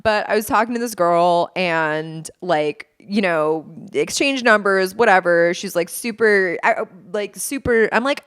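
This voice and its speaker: A woman's voice: medium pitch, measured pace, hardly any pauses, smooth, no room sound, studio quality. A woman in her thirties co-hosting a podcast in casual chat, rambling with lots of fillers and restarts. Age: 30s. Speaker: podcast co-host.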